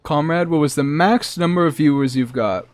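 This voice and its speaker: A man's voice: on the high side, normal speed, slight background noise. A man streaming a game live, chatting in a joking, rambling, self-mocking way at a desk microphone. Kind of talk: casual live gameplay commentary.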